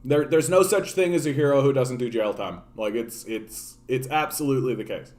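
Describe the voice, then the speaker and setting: A man's voice: medium pitch, normal speed. A man from Canada hosting a political livestream, ranting casually with profanity and many restarts. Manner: profane, animated, repeats and restarts words.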